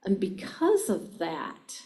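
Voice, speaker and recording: A woman's voice: medium pitch, very animated, slow, dark tone. A middle-aged woman giving a live seminar talk on communication, engaging the audience with frequent questions. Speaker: communication speaker.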